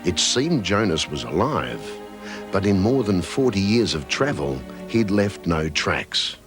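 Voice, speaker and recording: A man giving scripted documentary narration in a measured, solemn manner. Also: low voice, very animated. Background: background music.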